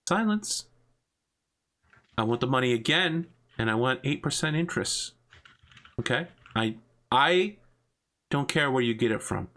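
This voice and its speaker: A man voicing an older male crime boss and father who speaks with cold, menacing calm. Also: medium pitch, measured pace, long pauses. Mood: coldly menacing.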